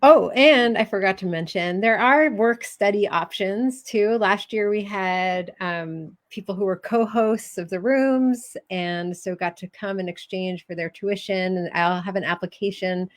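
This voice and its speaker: A woman's voice: mid-range voice, unhurried, hardly any pauses. A woman hosting a live online conference info session, speaking in a friendly way and laughing easily. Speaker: conference organizer and host. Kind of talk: casual live-stream chat.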